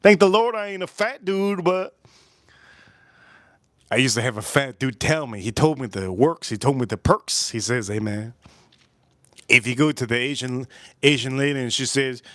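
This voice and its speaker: On a casual whiskey review livestream, a male host rambles, repeats himself, and tosses joking asides to his chat. His medium-pitched voice moves at normal speed with frequent pauses and a sharp tone, recorded in studio quality with no echo.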